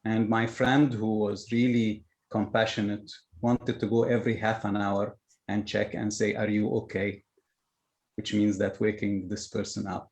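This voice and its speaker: A man sharing an example on a webinar, hesitant with many pauses and restarts. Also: fairly low pitch, little pitch movement, a little mellow. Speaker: webinar participant. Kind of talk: casual sharing on a video call.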